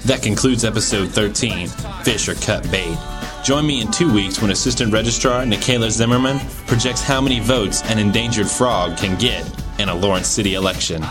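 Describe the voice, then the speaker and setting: Low-pitched man as the podcast host, casual with a dry wit, soft music bed behind. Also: a little fast. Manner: easygoing questions with a dry joking streak. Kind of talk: conversational interview and scripted podcast outro.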